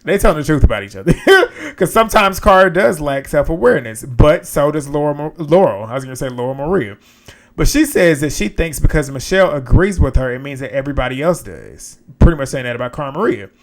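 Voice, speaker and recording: A man's voice: on the high side, expressive, fast talker. Blunt, chatty man recapping reality TV. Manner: frank, blunt, profane, chatty. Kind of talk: casual recap commentary.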